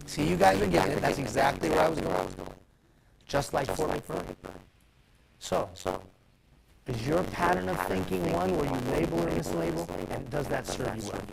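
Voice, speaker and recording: A man giving a live motivational talk, telling stories in an animated way and putting questions to the audience. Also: a little high, vocal fry, rough recording. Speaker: motivational speaker. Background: crowd.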